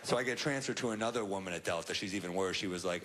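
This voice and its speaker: A man's voice: low voice, fast talker, gravelly, hardly any pauses, fairly bright tone. A young man performing a stand-up set on a club stage, telling stories in a dry, self-deprecating way. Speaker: stand-up comedian. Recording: live club set with crowd laughter. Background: audience laughter.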